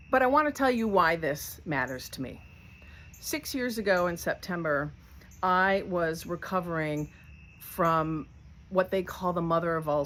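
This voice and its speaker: A woman's voice: lowish voice, fairly bright tone. A woman telling her own survival story in a candid, conversational way, with light laughs. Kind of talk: personal storytelling to camera.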